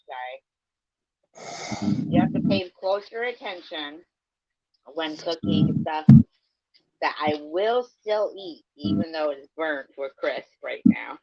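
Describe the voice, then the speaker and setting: A woman's voice: deep voice, lively intonation, takes it slowly, long pauses. A woman chatting on a livestream, blunt and crude in her jokes. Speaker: livestream co-host. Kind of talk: casual late-night banter. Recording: slightly dull lo-fi audio.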